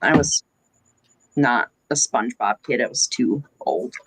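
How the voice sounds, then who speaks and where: A woman chatting casually in a sewing circle, telling lively stories. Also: extremely low pitch, a little slow, vocal fry, slightly rough, no echo, rough recording. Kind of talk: casual chat.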